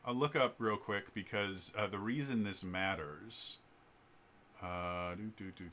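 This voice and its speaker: Man, casual storytelling vlog, bright forceful voice, animated and rambling, lots of ums. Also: fairly low pitch, a little slow, a little hiss or hum. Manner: animated, rambling retelling with many fillers. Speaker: vlogger.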